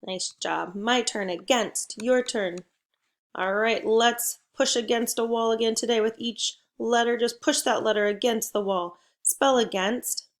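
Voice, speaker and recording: A woman teacher leading a phonics lesson for young children, slow and patient, with a call-and-response manner. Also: on the high side.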